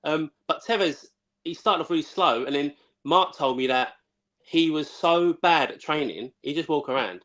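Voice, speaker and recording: A man's voice: fairly high pitch, animated, fairly bright tone. A man, a former footballer telling stories as a guest in a casual chat, blunt and full of swearing and restarts. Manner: rapid, blunt, swears freely, many restarts. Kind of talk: casual storytelling.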